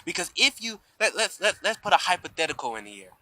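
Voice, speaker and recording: Bright-voiced man giving a spiritual talk. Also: high voice, big pitch swings, fast, dry recording, poor audio. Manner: emphatic, preachy, keeps asking "you see?". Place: outdoors. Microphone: camera mic.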